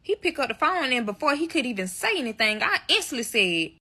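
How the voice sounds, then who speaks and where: A woman's voice: high-pitched, big pitch swings, fairly quick, bright, forceful tone, slightly rough. A woman telling a dramatic personal story to her viewers in a storytime vlog, swearing freely and talking straight to her audience.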